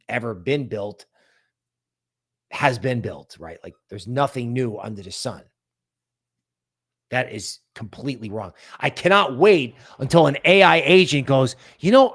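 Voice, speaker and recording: A man hosting a crypto livestream, talking casually and animatedly, often mocking other people's worries in quoted voices. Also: mid-range voice. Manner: animated, sarcastic, mock-quoting others.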